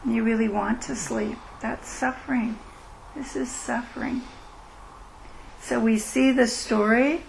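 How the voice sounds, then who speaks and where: A middle-aged woman leading a meditation retreat, speaking in a gentle, unhurried, reflective way as she answers questions. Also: a little high, steady tone, gravelly, slight background noise, poor audio. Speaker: meditation teacher. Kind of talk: dharma talk with Q&A. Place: retreat meeting room.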